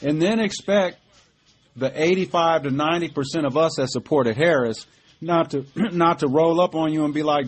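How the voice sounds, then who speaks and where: A middle-aged podcast host offers casual political commentary, emphatic and profane, peppered with fillers like "you know what I mean." His voice runs on the high side at a moderate pace.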